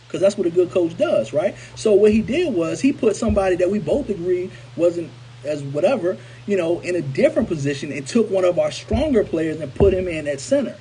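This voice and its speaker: High-voiced man telling a story. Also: brisk, slightly rough, rough recording. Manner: animated, repetitive, conversational. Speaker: motivational speaker. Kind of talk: storytelling to camera.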